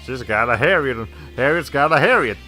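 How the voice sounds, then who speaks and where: A man's voice: medium pitch, animated, brisk, sharp tone, faint music behind. A man giving casual, rambling commentary while playing a video game. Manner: rambling, self-correcting, chuckling. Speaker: streamer. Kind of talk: casual let's play commentary.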